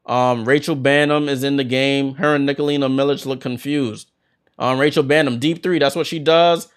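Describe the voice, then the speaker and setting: A man calls a basketball game play by play for his watchalong viewers, his pitch sitting in an ordinary middle range. He talks like a fan rather than a neutral announcer and breaks into loud, excited bursts when a big play lands. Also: normal speed, clear, resonant tone. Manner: excited fan calling plays, bursts of hype. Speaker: watchalong host doing play-by-play.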